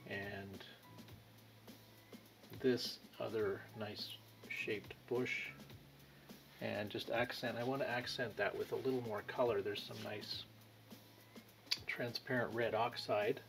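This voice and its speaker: Gravelly-voiced man teaching painting. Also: on the low side, fairly even intonation, fairly bright tone. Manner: thinks aloud while painting, with pauses and fillers. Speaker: painting instructor. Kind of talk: unhurried painting tutorial. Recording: music playing behind.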